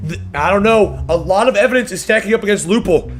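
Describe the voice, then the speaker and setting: A man streaming a video game, reading and reacting in a loud, slangy, profane and excitable way. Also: high voice, fast talker. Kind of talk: casual gameplay commentary.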